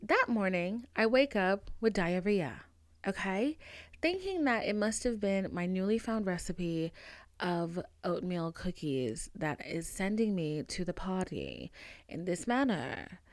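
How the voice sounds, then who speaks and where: A young woman hosting a podcast, telling a personal story in a brash, profane and dramatic way, with big swings in pitch and loudness. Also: no room sound, clean studio sound. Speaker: podcast host. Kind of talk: casual storytelling monologue.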